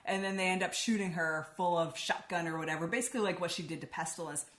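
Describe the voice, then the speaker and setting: A woman's voice: on the low side, quick pace, a bit bright. Chatty woman in an echoey room. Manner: chatty, swears freely, lots of "like". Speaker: book reviewer. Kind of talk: casual spoken book review.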